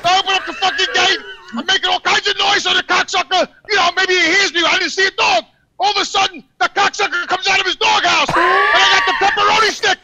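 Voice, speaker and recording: A man who delivers oil, ranting outdoors in the snow and shouting, swearing and exasperated as he tells his story. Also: very high voice, fairly even intonation, quick pace, rough recording.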